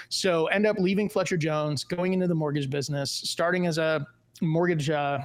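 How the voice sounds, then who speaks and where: A man in his forties from the Chicago suburbs tells his life story as a podcast guest. He talks in a fairly high voice and acts out the voices in his stories. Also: brisk. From US Midwest, Chicago suburbs. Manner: lively storyteller, acts out quoted dialogue. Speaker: guest, tech company executive.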